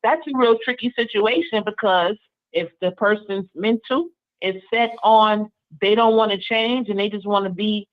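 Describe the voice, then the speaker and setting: A woman's voice: mid-range voice, moderate pace, highs cut off. A woman co-hosting a radio talk show, emphatic and confident in her encouragement.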